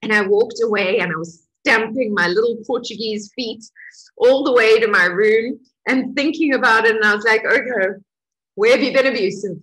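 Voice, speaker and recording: A middle-aged woman who teaches a healing course, telling a personal story in an emotional, animated way with laughter. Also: a little high, normal speed, slightly rough, rough recording.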